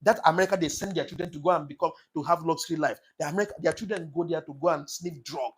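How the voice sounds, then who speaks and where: A man's voice: fairly high pitch, very fast, husky. A man giving an impassioned, preachy political monologue, repeating his points for emphasis. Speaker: commentator on his own channel.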